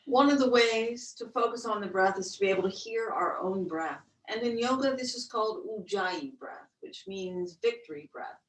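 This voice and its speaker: A woman yoga instructor leading a webcast breathing class, with slow, gentle counted cues. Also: medium pitch. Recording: roomy, distant webcast audio.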